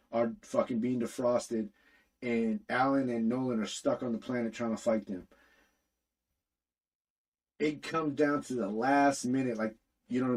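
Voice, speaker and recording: A man with a slightly husky voice, talking at an ordinary pitch. He recaps an episode in a loose, slangy way, swearing freely and jumping into the characters' lines as he goes. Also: a little mellow, low-quality recording. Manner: profane, slangy storytelling, acts out characters' lines. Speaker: podcast host recapping an animated series. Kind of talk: casual recap chat.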